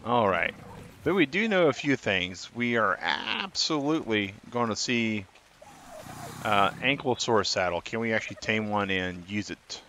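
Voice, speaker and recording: Male streamer, low bright voice, talks through gameplay and chats with viewers. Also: expressive, a little slow, a little hiss or hum. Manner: chatty, reads and answers chat. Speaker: gaming streamer. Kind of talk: live gameplay commentary.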